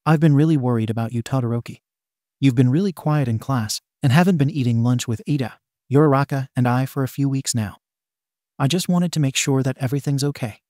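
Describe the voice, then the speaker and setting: A man's voice: mid-range voice, fairly quick, darkish tone, no echo, clean studio sound, natural voice. A man voicing an anxious, caring teenage boy in a story reading, hesitant in manner. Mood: worried.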